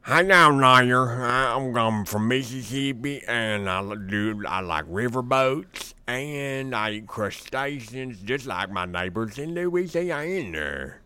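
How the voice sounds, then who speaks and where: A man putting on a folksy man from Mississippi, with a slow, drawn-out put-on Southern drawl. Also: mid-range voice, lively intonation, pushed and bright, clean tone, no echo, voice pushed up, heavily acted. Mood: hammy.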